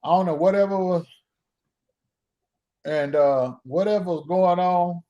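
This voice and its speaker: A man's voice: sits high, measured pace, warm tone, highs cut off. Rambling man telling home stories. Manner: rambling, self-mocking, acts out dialogue. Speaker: live stream host. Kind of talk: casual storytelling.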